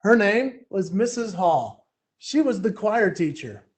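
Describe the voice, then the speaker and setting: A man giving a keynote talk, telling a story in a lively, chatty, self-deprecating way. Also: sits high, measured pace. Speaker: keynote speaker.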